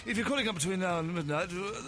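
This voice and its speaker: Male radio host, higher voice, deadpan rambling banter, soft music bed. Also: fast. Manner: rambling, deadpan, self-interrupting.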